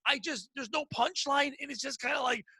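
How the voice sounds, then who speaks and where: A man's voice: very high voice, bright, forceful tone, dry recording. A young man hosting a comedy podcast, talking bluntly and profanely in casual banter. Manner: blunt, profane, rapid-fire. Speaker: podcast host, stand-up comic.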